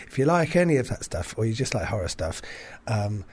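A man's voice: lowish voice, big pitch swings, a little fast, darkish tone, husky. A man co-hosting a casual radio show, rambling with lots of fillers, restarts and casual swearing.

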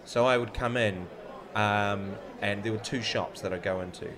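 A man with a New Zealand accent telling animated anecdotes in a casual chat. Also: fairly low pitch, moderate pace, noisy background.

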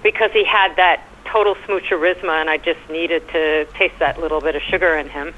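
Woman, New York accent, animated storyteller, dull lo-fi line. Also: sits low, brisk, slight background noise. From United States. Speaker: guest. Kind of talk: phone-in interview.

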